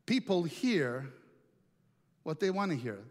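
A man preaching, voicing a calm, wise Navajo man in a retold story, patient and gently insistent. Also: on the high side, slow pace, in a large hall.

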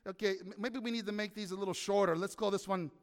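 A man's voice: high voice, fairly even intonation, fast, big-room sound, natural voice. A preacher putting on a cheerful first man naming animals. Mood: playful. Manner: playful, offhand.

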